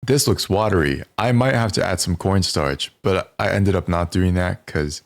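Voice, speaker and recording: A man's voice: low voice, moderate pace. A man from California telling stories in a laid-back, laughing way as a podcast cohost. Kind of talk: casual chat.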